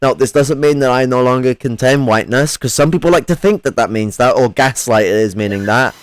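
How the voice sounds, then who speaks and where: A man's voice: mid-range voice, fairly quick, no room sound, low-quality recording. A man in casual chat, rambling, swearing freely and laughing often. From English Midlands.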